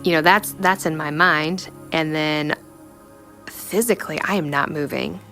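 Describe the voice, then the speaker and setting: A young woman giving a personal faith testimony in a reflective, halting way, full of "you know" fillers. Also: deep voice, bright, forceful tone, soft background music. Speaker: storyteller sharing a personal testimony.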